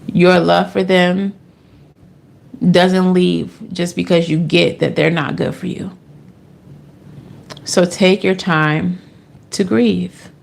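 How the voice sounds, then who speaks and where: Woman tarot reader, AAVE, low and gravelly, sassy and profane, casual delivery. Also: fairly even intonation, slow, pauses often. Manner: sassy, swears freely, jumps into high playful voices.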